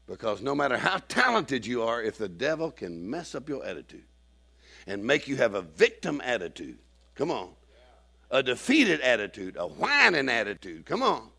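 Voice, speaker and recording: Gravelly, emphatic male preacher. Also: very animated, moderate pace. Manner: emphatic, rising to shouts and dropping low for asides. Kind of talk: sermon.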